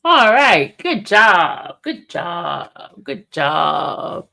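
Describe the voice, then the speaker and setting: A woman's voice: on the low side, sing-song, very slow, vocal fry, sharp tone. A woman chatting casually with her viewers and teasing her dog with playful questions.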